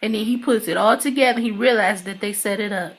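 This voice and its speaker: A woman's voice: medium pitch, slightly rough. Rambling woman recapping a TV episode. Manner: rambling storytelling, full of "you know" and "uh"; acts out characters' lines in quick asides. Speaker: TV episode reviewer.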